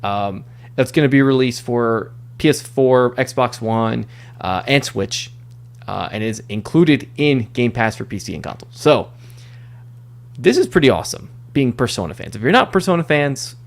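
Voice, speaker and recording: A man hosting a gaming podcast, chatting in an upbeat way with quick bursts and filler words. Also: mid-range voice, lively intonation, gravelly. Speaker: podcast host. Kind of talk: casual chat.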